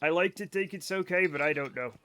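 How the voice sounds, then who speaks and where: A man's voice: fairly high pitch, brisk, sharp tone. A young American man streaming a game, chatting casually and answering his chat with jokes.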